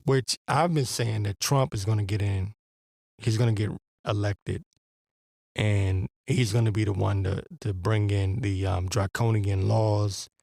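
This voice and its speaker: A man's voice: fairly low pitch, steady tone, measured pace, gravelly, warm tone, dry recording, studio quality. A man hosting a podcast, delivering a blunt, profane, rambling religious commentary with a preacher-like edge. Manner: rambling with restarts. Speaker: podcast host.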